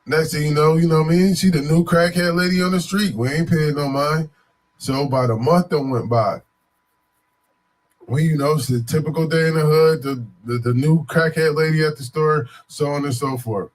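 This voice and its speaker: Animated, rambling male storyteller. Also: on the high side, moderate pace. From Buffalo, New York. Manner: animated, digressive, frequent "you know what I'm saying" fillers. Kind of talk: casual spoken storytelling.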